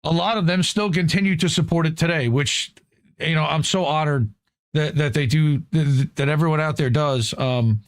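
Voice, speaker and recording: A man's voice: a little high, normal speed. Casual man hosting a live news stream. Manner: casual and appreciative, with repeated words. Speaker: host. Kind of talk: livestream news show.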